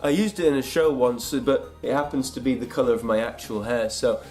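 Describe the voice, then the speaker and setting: A young man from Britain rants comically to camera, chatty and sarcastic. His voice is middle-pitched and a bit unwell. Faint music plays underneath. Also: a little fast, darkish tone. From United Kingdom. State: unwell, congested. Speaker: comedy vlogger. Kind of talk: comic vlog monologue.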